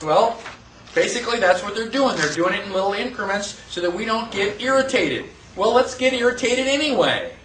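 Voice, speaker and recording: A man teaching a class in a lively lecture, quizzing the students and acting out quotes. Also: high voice, a little hiss or hum. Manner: animated, asks the class questions, acts out quotes. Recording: echoey room, voice from far off.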